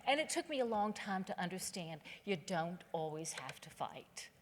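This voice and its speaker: A woman's voice: on the low side, animated, normal speed. A woman from southern West Virginia, giving a keynote speech as a humorous, conversational storyteller on a theater stage. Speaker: keynote speaker. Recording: long hall reverb.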